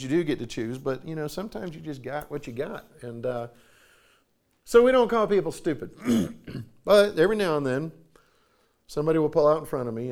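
A man in his forties preaching a sermon in a folksy, animated storytelling way, often repeating himself for emphasis. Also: fairly high pitch. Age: 40s.

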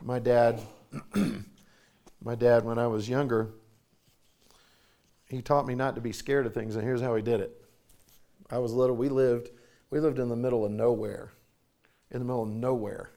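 A man in his forties preaching a sermon in a folksy, animated storytelling way, often repeating himself for emphasis. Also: medium pitch, moderate pace, long pauses. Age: 40s.

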